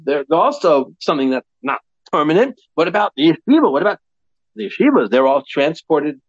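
Man, Torah lecture, high animated voice, dry dull lo-fi recording. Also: dry recording. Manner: animated, acts out quoted voices, asks and answers himself. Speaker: Torah teacher.

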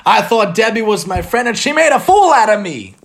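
A man's voice: a little high, wildly swooping pitch, a little slow, pushed and bright, a little hiss or hum, full character voice. A man voicing a young schoolgirl who blurts out her hurt and anger. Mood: upset. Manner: blurting, emotional.

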